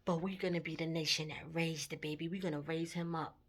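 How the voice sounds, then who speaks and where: A woman voicing her elderly grandmother, speaking softly and reassuringly, sometimes almost in a whisper. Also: deep voice, steady tone, brisk. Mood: tender. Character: elderly grandmother, tender and steadying.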